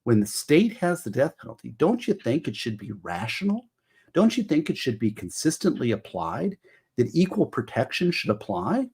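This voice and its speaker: A man's voice: mid-range voice, very animated, moderate pace, a little mellow, slightly rough. A middle-aged man hosting a casual livestream, rambling and emotional as he explains law. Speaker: livestream host.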